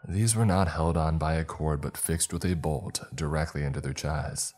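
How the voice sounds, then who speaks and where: A man reading a first-person horror story aloud as scripted narration, in a measured storytelling manner. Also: very deep voice, fairly even intonation, darkish tone, faint music behind.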